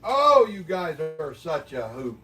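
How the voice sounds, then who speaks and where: A Midwestern American man hosts an easygoing livestream inside his home, his high, slightly bright voice slow and sing-song. He answers viewer comments with cursing and exaggerated fake outrage, and the recording has him a bit distant from the mic.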